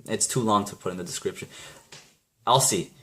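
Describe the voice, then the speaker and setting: This man's voice is lowish yet fairly bright, and he talks fairly quickly. As a vlogger addressing the camera, he offers casual, blunt motivational advice that wanders, with frequent restarts and light cursing.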